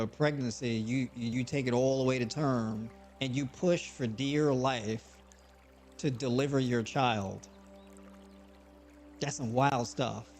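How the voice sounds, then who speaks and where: A man hosting a live online show, talking casually and motivationally with frequent repeats and animated bursts. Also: mid-range voice. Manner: conversational, repeats words, rising to animated bursts.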